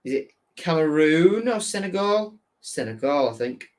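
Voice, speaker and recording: Young man, Hull accent, slightly high voice, casual live-stream chatter, reads chat aloud. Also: sing-song, moderate pace, a little mellow. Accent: Hull, Yorkshire. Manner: chatty, reads out chat messages, self-correcting. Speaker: football fan channel host.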